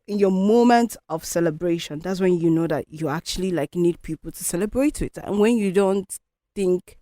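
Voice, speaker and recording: A woman's voice: medium pitch, warm tone, dry recording, clean studio sound. A woman hosting a solo podcast, talking in a candid, reflective, conversational way. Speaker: podcast host.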